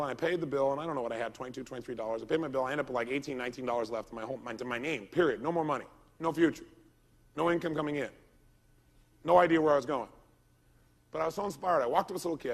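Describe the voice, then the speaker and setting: A man giving a motivational seminar talk, telling stories animatedly, acting out quoted lines and asking the audience questions. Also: a little high. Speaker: motivational speaker.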